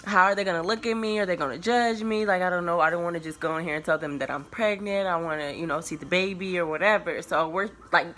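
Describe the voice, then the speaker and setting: In her early twenties, this woman tells viewers a personal story in a loose, rambling way, packed with filler words and restarts. Her voice sits lowish, and she talks fast with hardly any pauses, keeping a relaxed, confiding tone.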